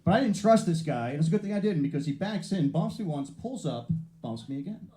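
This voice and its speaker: Performing stand-up on a theater stage for a live crowd, this comedian has a slightly high, expressive male voice with a dark tone. He talks quickly, telling brash, foul-mouthed stories and voicing the people in them. Soft music plays in the background, and the room sounds spacious.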